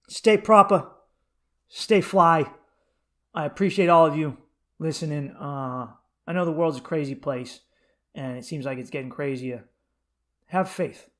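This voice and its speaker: A man hosting his own podcast, telling rambling, profane comedic stories, then turning to a quieter earnest pep talk. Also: a little high. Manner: shouts in quoted asides. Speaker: podcast host. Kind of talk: casual comedic monologue.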